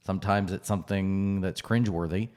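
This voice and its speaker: A man with a lowish voice co-hosting a podcast. He talks in a loose, chatty way and often restarts or fills with "uh". It is relaxed podcast conversation. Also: brisk. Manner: conversational, with frequent fillers and restarts. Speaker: podcast co-host. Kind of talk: casual podcast chat.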